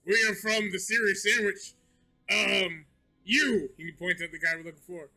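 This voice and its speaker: Male player, high and very bright, hesitant. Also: moderate pace, creaky, soft background music. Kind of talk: tabletop game chat.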